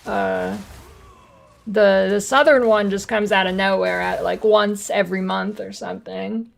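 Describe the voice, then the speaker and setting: An American woman chats loosely while she streams a game, with heavy vocal fry running all through her speech. She rambles, blunt and quick to swear, at an ordinary mid-height pitch. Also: fairly even intonation. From United States. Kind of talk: casual gaming stream chat.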